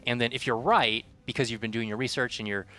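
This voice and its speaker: A man's voice: medium pitch, steady tone, fast talker, sharp tone. A man chatting and joking on a game livestream, with hesitant fillers. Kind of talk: casual livestream chat.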